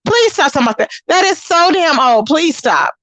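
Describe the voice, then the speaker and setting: A woman's voice: sits high, big pitch swings, moderate pace, a bit bright, no echo. A woman hosting a casual livestream, reading chat comments and gossiping straight to her viewers. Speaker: channel host.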